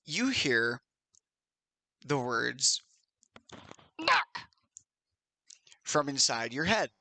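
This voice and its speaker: Slow, lively game-master narrator, a man. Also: mid-range voice. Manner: slow, lively storytelling with shouted character lines.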